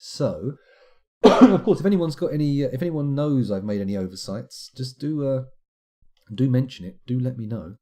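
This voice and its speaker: A man's voice: mid-range voice, expressive, normal speed, warm tone. A middle-aged British man streaming a game live, chatting in a rambling, self-deprecating way as he plays and reads out comments.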